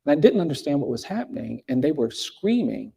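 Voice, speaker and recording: A man's voice: a little high, big pitch swings, a little fast, vocal fry, mellow, breathy edge. A middle-aged man telling a personal story in an earnest, reflective way, often restarting his sentences and rising for emphasis.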